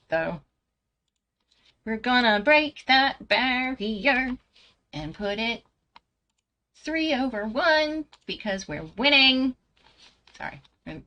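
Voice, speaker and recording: A woman's voice: a little high, sharp tone, poor audio. Give me a giggly British woman streaming a game. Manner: chatty, giggly, rambling with frequent laughs. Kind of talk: casual gameplay commentary chatting with viewers. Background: game music.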